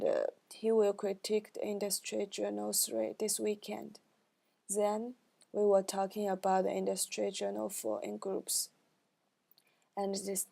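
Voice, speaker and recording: A young woman student reads back what her class covered, careful and halting in non-native phrasing. Her voice is dark and mellow with a gravelly edge of fry. She keeps an even, unhurried tone with very little lift. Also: mid-range voice. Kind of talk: reading a class recap.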